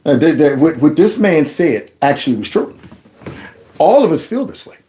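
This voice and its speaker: A man reacting to clips on his channel, indignant and stumbling through repeated words. His voice sits high and swings widely as he talks. He sounds worked up about what he has just heard. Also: big pitch swings, normal speed, warm tone. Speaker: commentary host. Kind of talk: reaction commentary.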